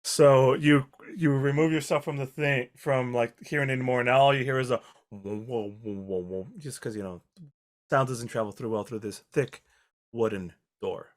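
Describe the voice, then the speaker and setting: A man narrating as game master of a tabletop game, describing the scene in a halting, rambling way. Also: medium pitch.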